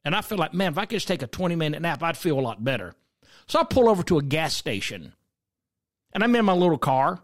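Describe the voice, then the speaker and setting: A man's voice: a little high, sing-song, fast. A middle-aged man, from South Carolina, hosting a podcast and giving opinionated commentary in a conversational way, asking listeners questions and telling stories from his own life. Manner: conversational, asks listeners questions, storytelling asides. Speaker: podcast host.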